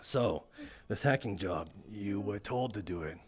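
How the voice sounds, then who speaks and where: A man's voice: lowish voice, measured pace, slightly rough. A man playing a stern interrogator in a roleplay, pressing a suspect for specifics. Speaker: roleplay streamer.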